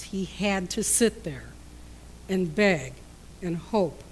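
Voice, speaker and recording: A woman preaching a sermon in a storytelling way, swinging between loud emphasis and hushed, quiet passages. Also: medium pitch, slight background noise.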